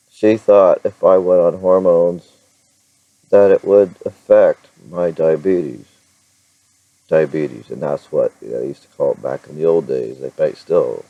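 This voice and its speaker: A man's voice: rumbling low, dry recording, lo-fi sound. A man talking casually to his camera in a rambling vlog, often restarting his sentences and chuckling. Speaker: vlogger.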